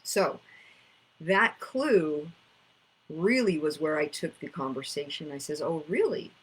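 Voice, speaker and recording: A woman's voice: low-pitched, animated, slow, slightly rough, low-quality recording. A woman, teaching about inner child work in a casual storytelling way, acting out conversations. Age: 50s.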